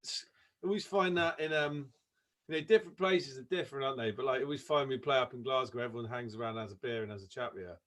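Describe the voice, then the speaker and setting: A musician from Cornwall in casual interview chat, laid-back and full of fillers. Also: male voice, medium pitch, quick pace. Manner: laid-back, lots of "like" and "man".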